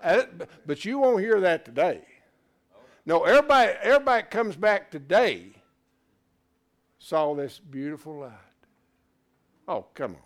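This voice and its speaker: Animated high-voiced man teaching Bible class. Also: normal speed, pauses often. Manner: animated, peppered with rhetorical questions and "right?"; repeats words and restarts as he thinks aloud.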